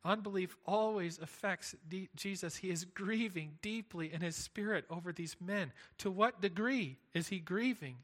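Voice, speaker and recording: A man's voice: sits high, moderate pace, few pauses, fairly bright tone. A man preaching a sermon, earnest and emphatic, building points through repetition. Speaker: pastor.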